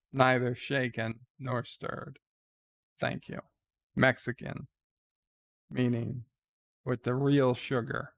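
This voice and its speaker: A man's voice: mid-range voice, creaky, a bit bright, no echo. A man hosting a casual live stream, reading viewer letters aloud and ranting crudely, with lots of fillers and restarts. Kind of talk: casual rambling chat.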